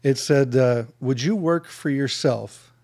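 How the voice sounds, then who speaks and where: A man hosting a casual podcast interview, talking in a relaxed, reflective way. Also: medium pitch, takes it slowly. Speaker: podcast host.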